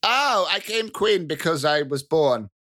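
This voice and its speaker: A game master plays a mouse-folk queen in a tabletop game, chatty and quick to take offence. Her voice is bright and forceful and sits at an everyday middle pitch. She rambles along casually and turns indignant whenever her people's cuteness is questioned. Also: expressive.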